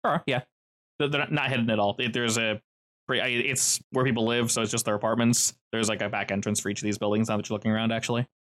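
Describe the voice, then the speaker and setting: A man's voice: fairly low pitch, fairly even intonation, fast talker, fairly bright tone. A man running a tabletop game as game master, describing scenes in a loose, descriptive way with restarts.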